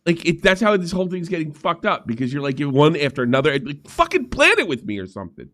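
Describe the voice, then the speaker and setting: A man's voice: fairly high pitch, sing-song, quick pace, fairly bright tone. A man co-hosting and running a livestream, swearing freely and griping about the setup. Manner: profane, exasperated griping. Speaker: show co-host and producer. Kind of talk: casual livestream banter.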